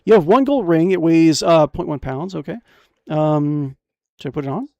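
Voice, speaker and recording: On the high side and gravelly, this man's voice moves at a normal speed with no echo. He's a young streamer playing a fantasy adventure game, excitedly reading its text out loud and cracking crude, jokey asides as casual commentary.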